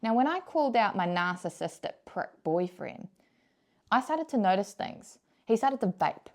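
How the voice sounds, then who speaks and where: A woman's voice: mid-range voice, big pitch swings, moderate pace. A young woman giving frank, casual advice to camera, blunt and emphatic, swearing freely and repeating her key points. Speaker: vlogger.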